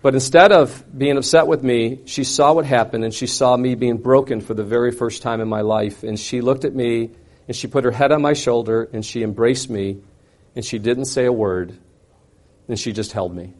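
A middle-aged man telling a personal testimony to an audience, swinging from loud, intense outbursts to quiet, hushed reflection. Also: mid-range voice, moderate pace. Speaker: speaker sharing a personal testimony. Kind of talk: dramatic personal storytelling to an audience.

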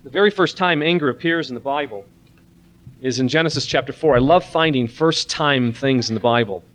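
Man, seminar speaker, earnest, animated preaching, softer when praying, speaking to a room of listeners. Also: mid-range voice, a little fast. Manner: earnest, animated preaching with a soft-voiced prayer. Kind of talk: Christian parenting seminar talk with prayer. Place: room with an audience.

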